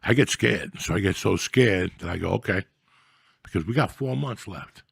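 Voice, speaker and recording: A man hosting a podcast, telling stories in a profane, loud, animated comedic rant. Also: sits low, moderate pace, creaky, husky, dry recording, clean studio sound. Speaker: podcast host.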